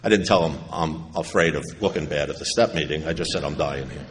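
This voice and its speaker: A middle-aged New York man with an extremely low, fairly bright voice talks fast at a recovery convention in a large hall. He tells a personal recovery story to the audience with wry humor, acting out what others said. The recording is echoey with faint ambience.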